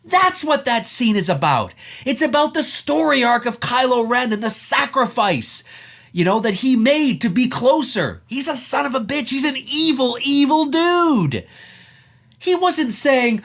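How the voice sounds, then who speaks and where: A man's voice: very high voice, big pitch swings, measured pace, vocal fry, fairly bright tone. A man giving an emphatic, profane opinion vlog about a film scene, acting out quoted lines as he goes. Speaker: film commentator.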